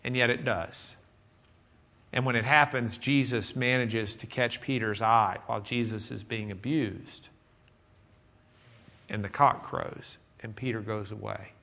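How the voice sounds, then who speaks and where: A man's voice: medium pitch, moderate pace, gravelly, fairly bright tone. A man preaching a teaching sermon in a loose, conversational way, with plenty of fillers and asides to the congregation. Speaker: pastor.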